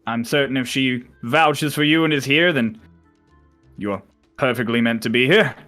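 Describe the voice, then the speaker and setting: A man's voice: mid-range voice, normal speed, pushed and bright, faint music behind, lightly acted. A man voicing a cheerful, courteous young male envoy who greets people eagerly.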